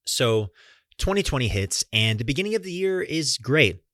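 A man's voice: medium pitch, very animated, normal speed, a bit bright, no room sound, clean studio sound. A young man hosting a podcast, earnestly telling a personal story straight to his listeners and swearing casually. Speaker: podcast host.

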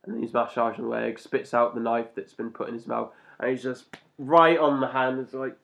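A man's voice: medium pitch, flat delivery, a little fast, creaky, fairly bright tone. A man co-hosting a casual podcast, chatting and laughing often as he reviews a cartoon episode. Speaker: podcast co-host. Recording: slightly muffled lo-fi recording.

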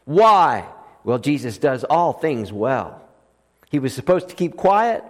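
A man preaching a sermon as pastor, swinging between loud emphatic lines and soft hushed ones. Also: medium pitch, big pitch swings, takes it slowly. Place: church sanctuary. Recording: long reverb of a church hall.

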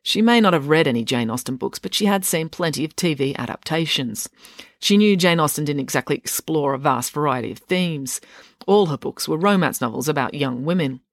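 Low-voiced woman reading her own book. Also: animated, a little fast, no echo, studio quality. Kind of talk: audiobook narration.

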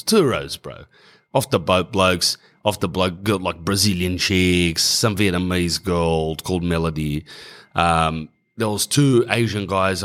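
A man's voice: low-pitched, fairly bright tone. An Australian man telling a rambling, slangy comic story, often correcting himself mid-sentence. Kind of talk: comedic storytelling monologue.

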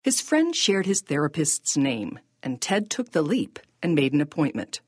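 Low, husky woman narrating a podcast. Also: sing-song, no echo, clean studio sound. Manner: measured, storytelling delivery.

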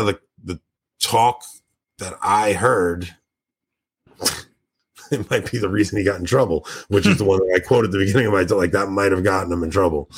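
A man's voice: low voice, slightly rough. A man hosting a podcast in casual chat, enthusiastic and rambling, sounding tired. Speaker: podcast host.

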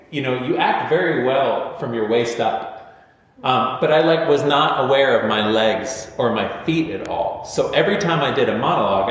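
A man preaching a casual, story-driven sermon with wry self-deprecating asides. His mid-pitched voice rings through a big, echoing sanctuary, and the recording sounds dull and lo-fi. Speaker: pastor. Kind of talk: conversational sermon. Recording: echoey hall, dull lo-fi sound.

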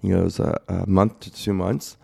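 Deep raspy-fry guy in his 40s, rambling plain storyteller, dark mellow voice. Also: level tone, normal speed. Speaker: guest telling his story. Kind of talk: casual chat.

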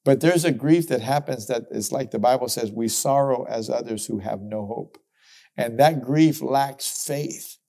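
A middle-aged man teaching verse by verse through a Bible book, expressive and emphatic, chuckling now and then. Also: medium pitch, moderate pace, vocal fry, hardly any pauses.

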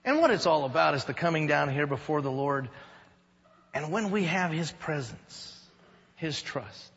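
Bright-voiced male pastor preaching. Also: fairly high pitch, expressive, moderate pace, creaky, long reverb tail, dull audio. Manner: conversational preaching with jokes and rhetorical questions. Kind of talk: sermon. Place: church sanctuary.

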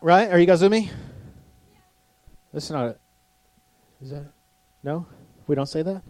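A middle-aged preacher delivers a loose, conversational sermon, poking fun at himself and checking in with the congregation. His voice sits a little high for a man. The sound is close and dry. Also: unhurried, darkish tone, no room sound. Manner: conversational, self-deprecating, asks the crowd for agreement. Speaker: pastor.

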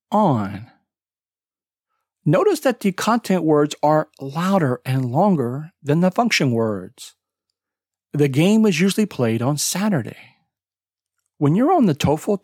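A pronunciation teacher hosting a podcast lesson, taking each point slowly and deliberately. The voice swoops up and down with lively intonation, and stressed words are leaned on hard. The recording is dry and close, with almost no room sound. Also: medium pitch, husky, no room sound. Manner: slow, deliberate explaining with emphatic word stress; spells out web addresses letter by letter.

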